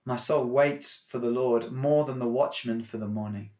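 A man's voice: mid-range voice, a little mellow, roomy sound, muffled recording. A man leading a church service, reading scripture and praying in a solemn, emphatic way. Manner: slow, solemn, rising to emphatic peaks on scripture. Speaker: pastor.

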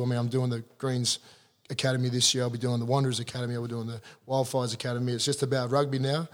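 A man's voice: medium pitch, fast talker, in a large hall. An Australian man in his thirties, a guest telling a blunt, sweary story in casual conversation. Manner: blunt, sweary, animated yarn-spinning.

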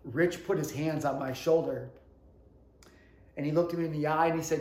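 A man's voice: a little high, fairly even intonation, normal speed, long pauses. Fervent man telling a story in an echoey room. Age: 30s. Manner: earnest, swings from hushed to fervent, addresses viewers directly. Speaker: motivational vlogger. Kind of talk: emotional motivational storytelling.

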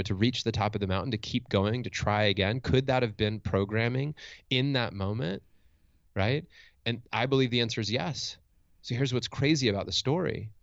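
Low gravelly man telling a story. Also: no room sound, lo-fi sound. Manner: candid, thinks aloud with restarts and tag questions. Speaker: motivational speaker and coach. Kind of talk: reflective storytelling in conversation.

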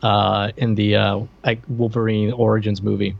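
A man's voice: lowish voice, flat delivery, normal speed, gravelly, lo-fi sound. A man co-hosting a podcast in casual chat, hesitant, with many fillers and restarts. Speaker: podcast co-host.

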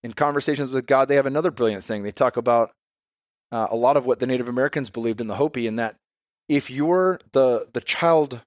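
A man's voice: mid-range voice, fairly quick, no room sound, studio quality. A man in his thirties, a podcast guest and father, talking in a candid, reflective way and swearing casually.

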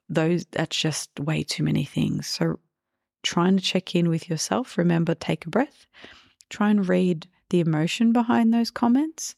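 Low, gravelly-voiced woman coaching parents. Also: normal speed, no room sound, studio quality. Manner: calm, reassuring, acts out example phrases for parents. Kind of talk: podcast advice talk.

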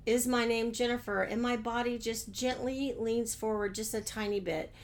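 Talking alone on her business podcast, this host keeps a friendly, conversational manner and asks listeners rhetorical questions. She has a fairly high voice with a steady tone and moderate pace.

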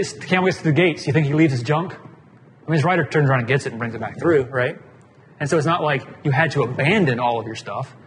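A man preaching a casual sermon as pastor, plain-spoken and conversational, often putting questions to the congregation. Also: a little high. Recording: long hall reverb, faint room noise.

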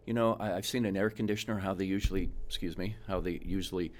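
Deep-voiced man telling lively stories. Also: fast. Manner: animated storyteller, acts out quotes, frequent restarts. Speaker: home inspector. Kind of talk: casual storytelling interview.

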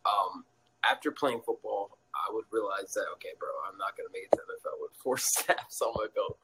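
A young man talks fairly quickly as he recounts a story in a relaxed interview, laughing frequently and voicing quotes in a high register. Background noise is audible.

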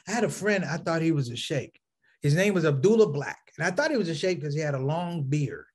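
A male stand-up comedian telling a story to his audience, calling them brothers and sisters and swinging from low asides to shouted punchlines.

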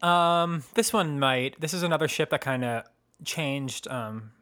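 Bright-voiced man, playful and giggly. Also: a little high, a little slow. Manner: silly, giggly, playful jokes. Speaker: podcast co-host reading his old journal. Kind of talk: casual chat.

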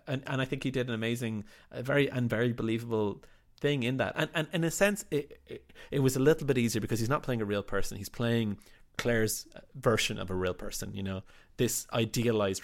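A man with a fairly low voice speaks as a guest in a casual interview. He talks about his work in a thoughtful, meandering way. He often doubles back and restarts his sentences. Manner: reflective, rambling with frequent restarts. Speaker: writer and director of the drama.

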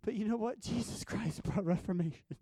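High-voiced guy telling his vision stories, goes quiet then loud, dry close sound. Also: fairly quick, slightly rough, dry recording. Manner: animated, swinging from hushed to loud. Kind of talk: storytelling about dreams and visions.

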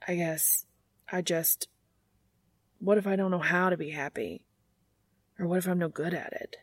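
A woman's voice: lowish voice, fairly even intonation, normal speed, no echo. A woman voicing a guarded young man who chokes up, then turns to teasing his brother. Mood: tearful.

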